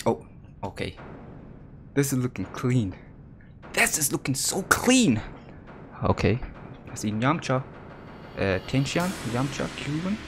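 A woman giving excitable, giggly let's play commentary, swearing freely as she plays. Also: very deep voice, slow, pauses often, a little hiss or hum. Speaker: gamer. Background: game music.

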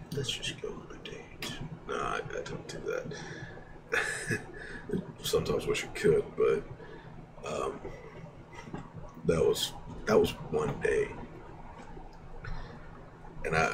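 Very deep slow-talking young man. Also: creaky. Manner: rambling, laughs often, halting restarts. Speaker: streamer. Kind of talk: casual storytelling. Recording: distant mic with background noise.

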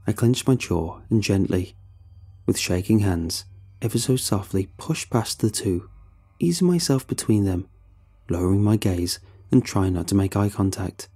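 A man narrating a scripted horror story in a steady, suspenseful manner. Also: fairly low pitch, normal speed, slightly rough. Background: faint background music.

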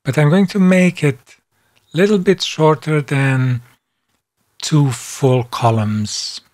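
Male tutorial narrator, slow deliberate delivery, calm step-by-step voice-over. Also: fairly high pitch. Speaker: software instructor. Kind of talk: screen-recorded tutorial narration.

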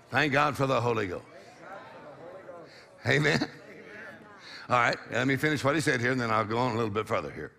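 A man's voice: medium pitch, animated, moderate pace, gravelly, long pauses, sharp tone, a faint crowd. A middle-aged man preaching a sermon, exhorting the congregation with call-and-response and a repeated "come on".

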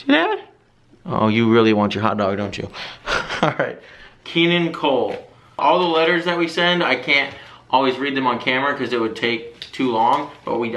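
A man's voice: medium pitch, a little hiss or hum. A man vlogging casually, talking animatedly to his dog and reading fan mail. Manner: animated, baby-talk to the dog with laughs.

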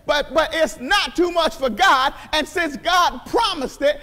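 A pastor preaching a sermon in a church, emphatic and repetitive, often crying out hallelujah. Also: male voice, very high voice, measured pace, sharp tone, long reverb tail. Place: church sanctuary.

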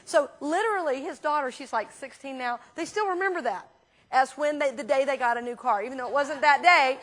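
A woman minister teaching a class in a church, talking casually and telling lively anecdotes with frequent restarts. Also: sits high, a little fast. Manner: chatty, animated storyteller with frequent restarts.

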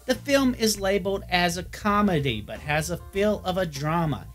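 A man's voice: high voice, expressive, moderate pace, faint music behind. A man narrating an opinionated film review in a blunt manner.

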